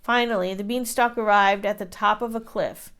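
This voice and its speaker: Reading a children's picture book aloud, a woman teacher uses an expressive storytelling style. Her voice is medium-pitched, clear, and resonant, at a normal speed.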